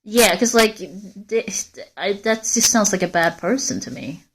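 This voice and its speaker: A woman's voice: medium pitch, lively intonation, unhurried, a little hiss or hum. A woman livestreamer walking in a forest, talking candidly and rambling straight to her viewers in casual chat. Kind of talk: casual live-stream chat.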